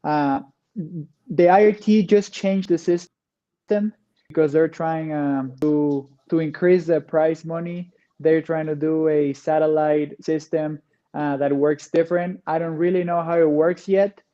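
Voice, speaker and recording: A man with a Mexican Spanish accent answers questions over a dull, lo-fi video call. His voice sits a bit high and mellow. He talks easily, stopping often for short "uh" pauses. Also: steady tone. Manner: easygoing, frequent "uh" pauses. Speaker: guest, pro racquetball player. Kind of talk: casual interview answers.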